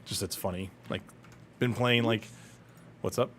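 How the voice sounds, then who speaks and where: Casting: teasing male game streamer, lowish voice, relaxed banter. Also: a little slow, a little hiss or hum. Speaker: streamer playing a shooter game. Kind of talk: casual gaming chat.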